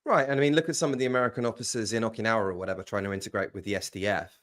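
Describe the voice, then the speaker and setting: A man talking in a casual conversation, laying out his argument in a measured way. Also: fairly low pitch, fairly even intonation, a bit bright. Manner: measured, reasoning aloud.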